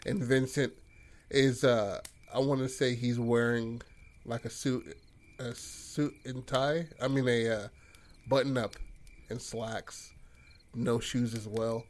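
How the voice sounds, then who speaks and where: A man's voice: mid-range voice, fairly even intonation, takes it slowly. A man casually telling a rambling horror story idea to a friend, full of fillers and swearing. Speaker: podcast co-host pitching a horror story.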